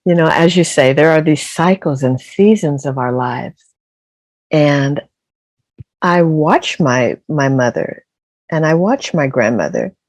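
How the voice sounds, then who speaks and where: A woman's voice: deep voice, animated, slow, darkish tone, no echo. An older woman, a podcast guest, telling her story with emphatic, repeated phrases. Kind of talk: casual interview storytelling.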